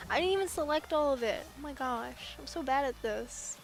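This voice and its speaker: A woman's voice: high voice, animated, normal speed, music in the background. A woman chatting casually while she draws, rambling and giggly with self-deprecating asides. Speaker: artist drawing on stream. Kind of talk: casual chat while drawing.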